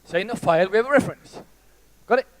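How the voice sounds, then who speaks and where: A man's voice: sits high, expressive, fast, a little hiss or hum. A man giving a live motivational talk to an audience, telling stories in a playful, theatrical way and speaking straight to the crowd. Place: stage before a live audience.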